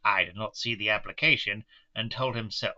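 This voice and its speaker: A man reads a classic novel aloud in a live session, breaking off now and then for self-deprecating asides. His voice is very bright and forward, and the dull, lo-fi recording sounds like a home setup. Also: on the low side, steady tone, brisk. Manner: self-deprecating asides between read passages. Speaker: reader. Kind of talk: live book reading with commentary.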